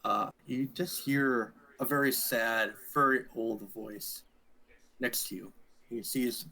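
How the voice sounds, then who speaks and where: A man narrating a tabletop role-playing game as dungeon master, describing scenes slowly with frequent fillers. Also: medium pitch, gravelly, rough recording. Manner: slow, relaxed narration with fillers.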